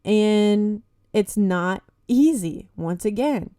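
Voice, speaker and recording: Warm-voiced young woman, candid podcast host. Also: medium pitch, lively intonation, extremely slow, no room sound, studio quality. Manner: candid, heavy swearing, frequent "like" and "you know"; encouraging, addresses listeners as "guys". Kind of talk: casual solo podcast talk.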